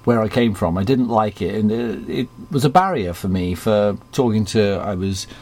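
An Englishman whose posh received pronunciation has been deliberately softened toward ordinary speech. He talks in a reflective, rambling way, restarting sentences as his thoughts shift. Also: fairly low pitch, animated. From England. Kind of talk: casual conversation.

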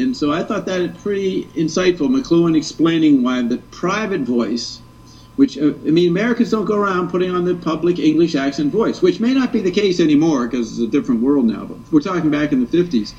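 A man explaining an idea in a halting way, with many fillers and stumbles. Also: a little high, lively intonation, a little mellow. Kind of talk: casual conversation. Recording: distant, muffled.

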